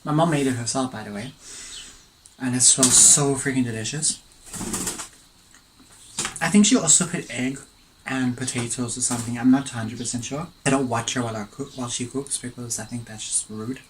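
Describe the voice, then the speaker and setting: A man's voice: medium pitch, normal speed, pauses often, background noise. A man casually telling a story between bites of food at home, rambling and drifting into side notes. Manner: rambling, digressive, chatty; eats and tastes food between sentences. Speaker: mukbang vlogger. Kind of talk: casual storytelling while eating.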